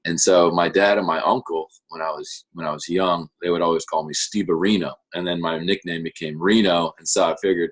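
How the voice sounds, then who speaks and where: A young man, a pro baseball pitcher, chatting as a guest in a relaxed, rambling way full of fillers. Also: fairly quick, hardly any pauses. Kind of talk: casual interview chat.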